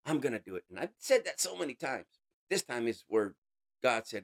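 A man giving an emotional personal testimony in an interview, earnest, calling the listener bro, voice rising high and dropping to a hush. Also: very animated, brisk, creaky. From United States. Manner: swings between raised intensity and hushed quiet. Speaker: interview guest.

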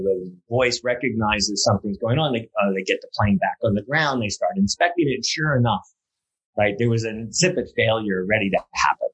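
A man's voice: lowish voice, husky, poor audio. A man speaking as an interview guest, telling a story in a loose conversational way, full of fillers and restarts, then building to emphatic points. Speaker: guest speaker on safety culture.

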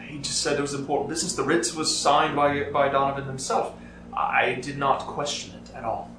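A man's voice: medium pitch, level tone, a little fast, pushed and bright, soft background music, close to an everyday voice. A man voicing a nervous male clerk who speaks formally and apologizes often. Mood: apologetic. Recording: echoey room, mic far off, faint noise.

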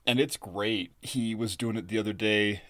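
A man's voice: fairly low pitch, moderate pace, a bit bright, no room sound. A young adult man co-hosting a podcast, telling a story in a rambling, casual way full of fillers. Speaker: podcast co-host.

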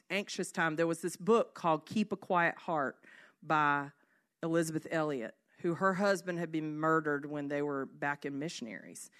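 A woman giving a devotional teaching in an earnest way, reading scripture slowly and at times dropping to a soft hush. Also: medium pitch. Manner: earnest, slows down to read scripture. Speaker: speaker.

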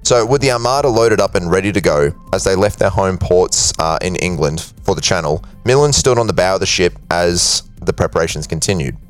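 A man's voice: low-pitched, brisk, hardly any pauses, soft background music. A man hosting a podcast, telling a history story in a casual way with frequent fillers. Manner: steady narration with frequent uh fillers. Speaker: podcast host.

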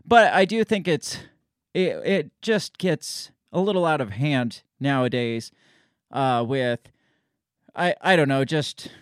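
Rambling podcast host, dry close sound. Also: male voice, a little high, animated, takes it slowly, clear, resonant tone, no room sound. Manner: rambling, many restarts and fillers, sarcastic asides. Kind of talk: casual ranting monologue.

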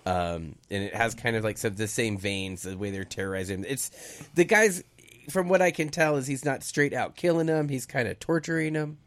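A man's voice: medium pitch, normal speed, a bit bright. A man reviewing movies on a radio panel, talking hesitantly with many fillers. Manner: hesitant, lots of ums and likes. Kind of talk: casual panel chat.

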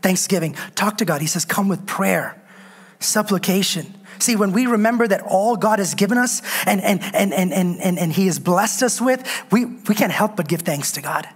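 A woman's voice: mid-range voice, normal speed, slightly rough. Woman preacher exhorting her congregation. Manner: exhorting, calls on the congregation to respond; emphatic repetition of phrases. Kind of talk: sermon.

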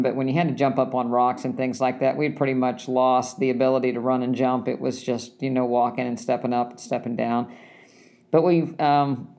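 A man casually telling a story about a race, rambling and halting, often restarting his sentences. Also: mid-range voice, darkish tone, lo-fi sound. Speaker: runner recounting a race.

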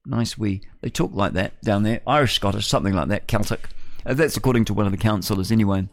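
A man's voice: fairly low pitch, animated, fast. A man hosting live radio in a wandering, chatty way, muttering asides to himself. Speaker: radio host. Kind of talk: rambling live radio chat. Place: radio studio.

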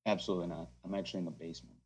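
A man co-hosting a podcast remotely from a home basement, talking in a low-key, dry way that trails off. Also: level tone, racing, husky. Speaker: podcast co-host. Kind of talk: casual chat.

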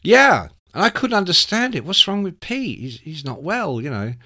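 A man's voice: high voice, normal speed. A man in his sixties telling a long anecdote as an interview guest, acting out quotes with lots of swearing. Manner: animated anecdotal storyteller, acts out quotes, sweary. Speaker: music writer guest. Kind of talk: casual storytelling.

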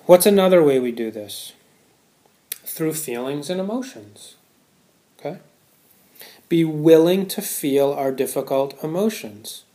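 A man's voice: a little high, animated, a little slow, long pauses, warm tone, roomy sound. A man giving a Buddhist Dharma talk to a live audience, conversational, often checking in with "right?". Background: audience laughter.

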